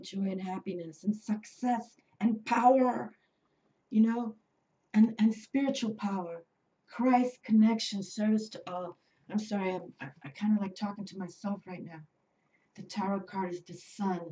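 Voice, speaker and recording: A woman's voice: mid-range voice, steady tone, normal speed, mellow. Lady doing a tarot reading, lots of you know and okay, sounds a bit far from the mic and muffled. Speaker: tarot reader. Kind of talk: casual spiritual reading video. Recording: slightly distant, dull lo-fi sound.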